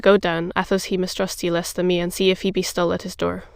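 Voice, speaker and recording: A bold young cavalier, charming and quick to give orders, read by an audiobook narrator. The delivery stays flat and even, with a gravelly grain over a smooth, clear tone. The sound is dry and close to the mic. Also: male voice, high voice, no echo. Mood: brisk. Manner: brisk and commanding.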